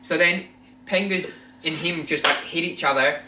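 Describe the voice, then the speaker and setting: A man's voice: fairly high pitch, moderate pace, recorded from a distance, background noise. Man telling stories in an echoey room. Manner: animated storyteller, acts out quotes. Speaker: podcast co-host. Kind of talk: casual storytelling chat. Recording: echoey room, away from mic.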